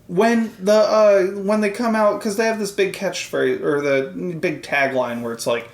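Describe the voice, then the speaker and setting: A man's voice: high voice, steady tone, a little slow, few pauses. A man co-hosting a podcast in casual chat, rambling and swearing, acting out quoted voices as he tells stories. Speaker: podcast co-host. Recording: roomy echo.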